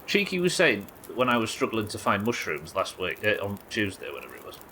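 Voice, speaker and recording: A man's voice: on the low side, wildly swooping pitch, fairly quick, sharp tone, a little hiss or hum. A man chatting loosely while streaming a survival game, rambling, swearing and joking at his own expense. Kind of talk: casual gameplay commentary.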